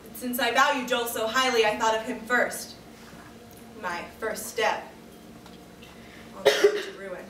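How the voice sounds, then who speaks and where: In a staged first-person dramatic monologue, a woman with a fairly high, fairly bright voice speaks in a reflective, measured, diary-like way. The sound comes from a distant camera mic in an echoey room.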